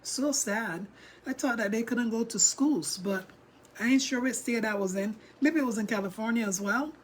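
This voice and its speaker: A woman vlogger with a fairly high voice chats casually with her viewers during a livestream, reacting to a video and reading their chat messages aloud. She talks straight to her audience at normal speed, and there's slight background noise.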